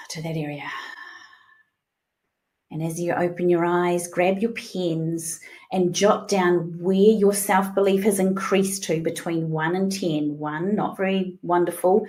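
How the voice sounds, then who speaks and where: Slow, soothing New woman coach. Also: lowish voice, fairly even intonation. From New Zealand. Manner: slow, soothing, drops to breathy whispers. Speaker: leadership coach. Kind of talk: guided visualization.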